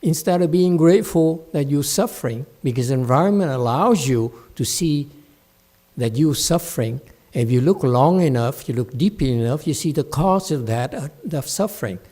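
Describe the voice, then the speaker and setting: A man's voice: fairly high pitch, expressive, normal speed, warm tone. A man giving a Buddhist dharma talk at a temple, blunt and scolding, mocking his students' whining. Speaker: meditation teacher.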